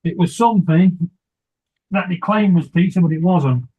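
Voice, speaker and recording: A man with a British accent chatting on a livestream, dry and teasing in an unhurried way. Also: sits high, no echo, narrow, tinny audio. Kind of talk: casual livestream chat.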